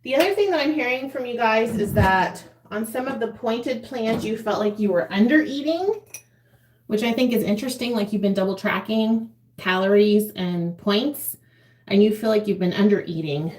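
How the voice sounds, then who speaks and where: A woman's voice: fairly high pitch, moderate pace, a little mellow, roomy sound. A woman in her forties chatting casually to a live chat while doing her makeup at home, laughing often. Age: 40s. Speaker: vlogger.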